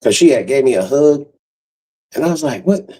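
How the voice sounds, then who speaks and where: A man telling a profane, animated story and acting out the other people's voices. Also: mid-range voice, normal speed, slightly rough, low-quality recording. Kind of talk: casual storytelling monologue.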